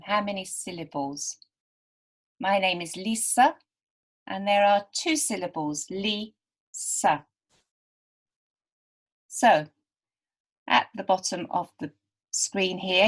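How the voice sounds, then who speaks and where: A woman teaching beginners to read, talking very slowly and patiently. She sounds out each word carefully and repeats it so learners can follow. Her voice sits at an ordinary middle pitch. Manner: patient, stretches and repeats words. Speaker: literacy teacher.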